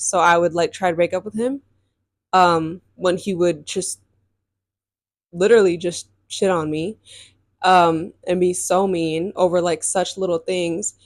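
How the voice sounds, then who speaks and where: Frank young woman, low and dry. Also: steady tone, moderate pace, dry recording. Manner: casual and emphatic, heavy use of "like" and "um". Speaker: podcast host. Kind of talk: candid personal storytelling.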